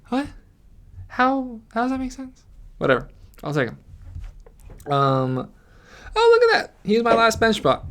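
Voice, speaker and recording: A man's voice: high-pitched, a bit bright. A man giving casual, rambling commentary on his fantasy football mock draft, ranting with frequent restarts.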